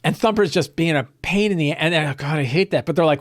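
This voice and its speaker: A man's voice: fairly high pitch, expressive, fairly quick, hardly any pauses. A man, the host and game master, casually retelling a tabletop session with laughter and frequent restarts. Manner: rambling, laughing, many fillers and restarts.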